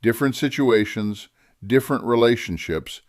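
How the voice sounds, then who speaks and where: A man narrating a scripted writing lesson, deliberate and measured, slowing down to stress key phrases. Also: medium pitch, expressive, no echo, studio quality. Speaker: writing teacher.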